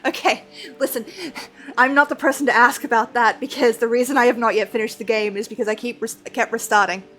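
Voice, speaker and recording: A woman's voice: fairly high pitch, steady tone, fast, a bit bright. A woman streaming a game, chatting casually and rambling with frequent laughs, over faint background music. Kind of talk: casual chat while gaming.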